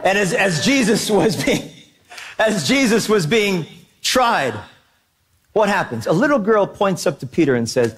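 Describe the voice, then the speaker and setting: A man preaching a sermon as pastor, emphatic and animated, asking the congregation questions. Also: high-pitched, a little slow.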